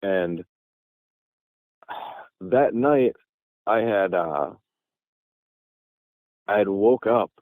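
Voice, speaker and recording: A man's voice: on the low side, very slow, pauses often, no room sound. A man from Michigan, a guest telling a long story in a casual, rambling way with many restarts, calling by phone from a parking lot. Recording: tinny phone line.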